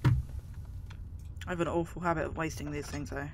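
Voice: mid-range voice, flat delivery, measured pace, heavy background noise. Jumpy London gamer with a lisp. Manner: jumpy, swearing, chatty. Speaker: gaming video host. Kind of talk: let's play commentary.

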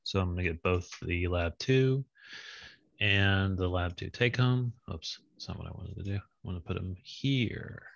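A lab instructor with a lowish, forceful, bright, gravelly voice walks students through an online coding lab on a video call with screen share. He talks casually, thinks aloud, and fills pauses with ums and uhs. The dry, slightly dull recording sounds like lo-fi call audio.

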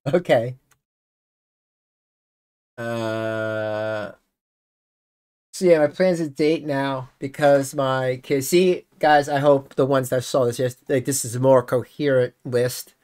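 Host, mid-pitch, unhurried delivery; reads messages aloud and cuts in with sarcastic, exasperated asides. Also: fairly even intonation, darkish tone. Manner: exasperated, sarcastic remarks between readings. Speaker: channel host reacting to messages. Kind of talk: casual commentary reading messages aloud.

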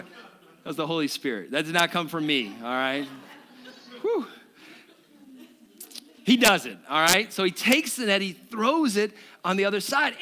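A male pastor giving a sermon, animated and joking with the congregation. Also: sits high. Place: church service.

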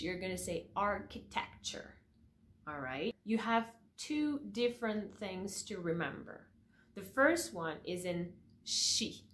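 Slow, patient woman teacher. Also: on the low side, a little hiss or hum. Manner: patient, repeats words slowly and often checks in with "all right?". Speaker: French teacher. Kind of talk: pronunciation lesson to camera.

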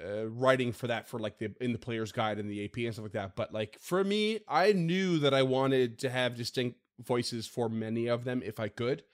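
Guy running the game, chatty and rambling on a podcast, laughs a lot, mid-pitched voice. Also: moderate pace, hardly any pauses. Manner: rambling, laughs often, restarts. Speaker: game master. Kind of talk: casual podcast chat.

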